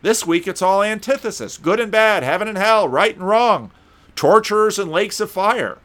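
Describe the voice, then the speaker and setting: A man's voice: high-pitched, expressive, moderate pace, a bit bright. A man giving a conversational sermon, reading scripture aloud and breaking off for wry, casual asides, with occasional stumbles and restarts. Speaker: preacher.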